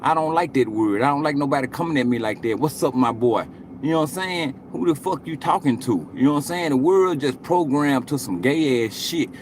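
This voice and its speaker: A man's voice: a little high, animated, fairly quick, hardly any pauses, slight background noise. A man in his late forties chatting casually to viewers on a live stream, rambling and cursing, and tagging most thoughts with "you know what I'm saying.". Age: 40s.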